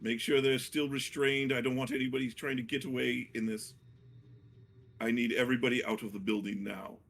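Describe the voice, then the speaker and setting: A man voicing a stern male prison guard captain who barks brisk orders. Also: mid-range voice, flat delivery, gravelly, fairly bright tone. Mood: commanding.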